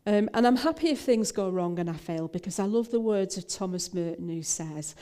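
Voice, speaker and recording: A woman's voice: mid-range voice, lively intonation, moderate pace, few pauses, mellow. An older woman minister, telling a personal story in a talk, with frequent fillers and restarts.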